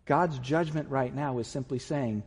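Husky-voiced man preaching in a reverberant hall. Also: mid-range voice, moderate pace. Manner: impassioned preaching, builds to loud emphatic peaks. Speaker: pastor. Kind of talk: sermon. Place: church sanctuary.

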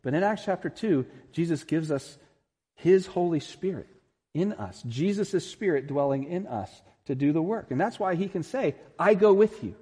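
A male pastor delivers an earnest, emphatic sermon that climbs to strong peaks. His voice is mellow and slightly husky at a mid pitch. A long reverb from a large hall follows each phrase. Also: lively intonation, normal speed.

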